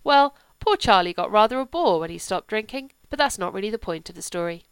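A woman's voice: medium pitch, expressive, brisk, clear, resonant tone, no room sound, natural voice. A woman voicing a cheerful, hectoring, self-assured man.

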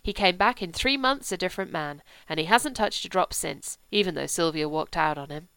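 A woman's voice: lowish voice, animated, fairly quick, fairly bright tone, smooth, no room sound. A woman voicing a cheerful, hectoring, self-assured man.

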